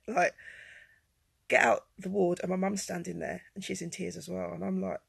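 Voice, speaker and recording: A woman telling a personal story to camera, rambling with many fillers and jumping between quiet and loud. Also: fairly even intonation, measured pace, gravelly, pauses often, husky, no echo. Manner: swings from low and quiet to loud and high-pitched. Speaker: vlogger telling her life story.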